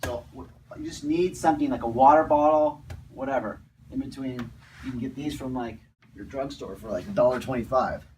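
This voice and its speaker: A man calmly talking through an exercise step by step as a fitness instructor, often repeating his words. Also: mid-range voice, a little fast, a little hiss or hum, poor audio. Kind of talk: casual exercise demonstration.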